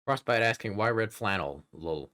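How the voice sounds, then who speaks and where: Low-voiced man swearing and giggling on stream. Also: lively intonation, normal speed, pushed and bright. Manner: profane, giggly, rambling. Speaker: VTuber streamer host. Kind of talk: casual stream chat.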